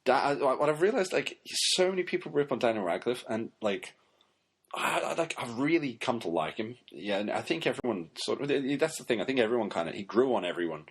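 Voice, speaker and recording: A man's voice: medium pitch, expressive, fairly quick, breathy edge. A man hosting a solo podcast, ranting sarcastically with lots of swearing. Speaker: podcast host. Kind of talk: casual solo commentary.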